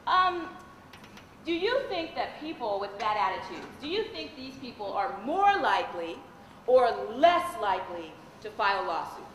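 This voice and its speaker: A woman attorney giving a live training seminar, animated and humorous, quizzing the audience with questions. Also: fairly high pitch, moderate pace. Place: event hall with a live audience. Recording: echoey hall, faint noise.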